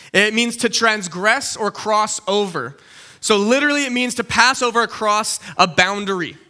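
A young man preaching a casual teaching sermon, animated and conversational, often checking in with his listeners. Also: high-pitched.

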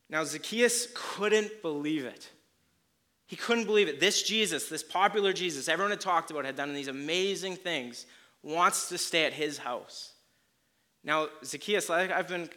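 A man preaches a sermon at normal speed, energetically retelling a story and acting out its quotes. His bright, forward voice is pitched a little high for a man, and its loudness keeps rising and falling as he presses his points.

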